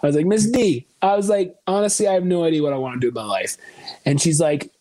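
A man's voice: fairly high pitch, racing, no echo. A young man from Canada, a country singer guest on a podcast, chatting casually and acting out the voices of people in his stories. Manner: animated storytelling, acting out quoted voices.

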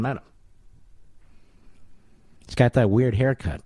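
A man's voice: medium pitch, expressive, moderate pace, pauses often, a little mellow, dry recording. Combative sarcastic man on talk radio. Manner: sarcastic, combative, rhetorical questions. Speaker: radio talk show host. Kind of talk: opinionated talk radio monologue.

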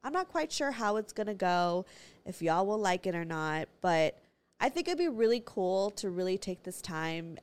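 A young woman hosting her own podcast, chatting casually and excitedly, swearing freely. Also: on the low side. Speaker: podcast host.

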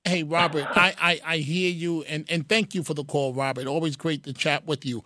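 A man's voice: a little high, steady tone, normal speed, pushed and bright, no room sound, clean studio sound. Earnest male talk radio host. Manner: earnest, repeats phrases, fillers. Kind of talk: talk radio call-in show. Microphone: studio mic.

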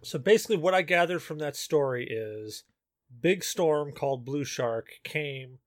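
A man on a podcast teases his co-hosts with crude, dry jokes in a relaxed, chatty way. His voice sits at a medium pitch. The sound is dry and close, with no room echo. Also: measured pace. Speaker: podcast co-host. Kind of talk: casual chat.

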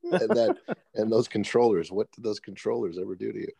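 A man co-hosting a casual sports podcast, ranting in halting bursts with lots of repeated words. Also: on the low side, gravelly, warm tone, husky, no room sound. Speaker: podcast co-host.

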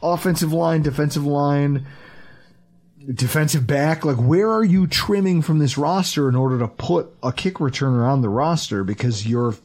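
A man hosting a sports podcast, chatting casually, animated and profane, acting out quotes as he goes. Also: on the high side, moderate pace. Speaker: podcast host.

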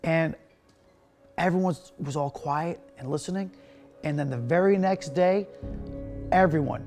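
A man's voice: fairly high pitch, measured pace, pauses often, darkish tone. A man telling a casual, chatty story in a played documentary clip. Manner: chatty, many fillers. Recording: clip played with music underneath.

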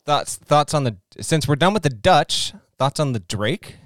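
A man's voice: a little high, animated, a little slow, no room sound, clean studio sound. A man co-hosting a podcast, teasing and reacting with playful, dramatic flair. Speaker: podcast co-host. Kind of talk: casual podcast banter.

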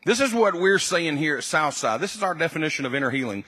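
A man preaching to his congregation in a husky, slightly high voice. He has a bright, pushing tone. He repeats his points for weight and climbs into loud, emphatic bursts. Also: expressive, quick pace, few pauses. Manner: repeats key phrases for emphasis, builds to loud emphatic peaks. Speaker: pastor. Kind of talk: sermon.

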